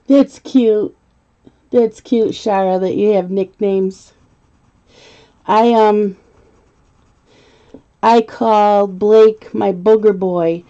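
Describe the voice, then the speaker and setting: A woman's voice: medium pitch, steady tone, drawn-out words, pauses often, mellow. A middle-aged woman hosting a casual live stream while coloring, chatty, laughing often and reading viewer comments aloud. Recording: slightly muffled lo-fi stream audio.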